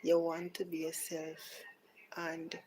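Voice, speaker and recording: A Jamaican woman talks through a live podcast in a relaxed, casual way, taking her time over each phrase. Her voice sits a little low, and now and then she drops to a soft near-whisper. A faint hiss sits under the recording. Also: takes it slowly, rough recording. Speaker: podcast host.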